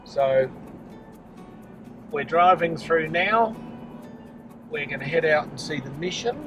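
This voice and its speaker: Man, casual travel commentary, mid-pitched, distant mic, loud background music. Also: expressive, slow, dull audio. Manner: easygoing, enthusiastic. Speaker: travel vlogger. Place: car, driving.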